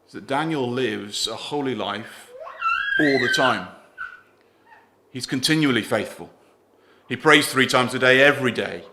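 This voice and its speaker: A man preaching a sermon in church, earnest, putting questions to the congregation and letting his voice fall softer at the ends of lines. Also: medium pitch, measured pace, long pauses, very noisy.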